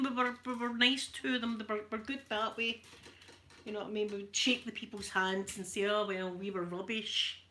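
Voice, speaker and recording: A woman's voice: fairly high pitch, bright, forceful tone. A middle-aged Scottish woman chatting casually while ironing, rambling from one story to the next. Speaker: ASMR creator.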